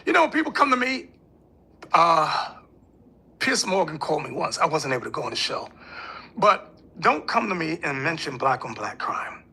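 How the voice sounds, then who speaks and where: A man with a high, piercingly bright voice speaks with an emphatic, preachy drive. His tone carries a husky rasp as he lays out his views in an interview, now and then mimicking other voices. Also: very animated, normal speed. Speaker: religious leader. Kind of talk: interview talk.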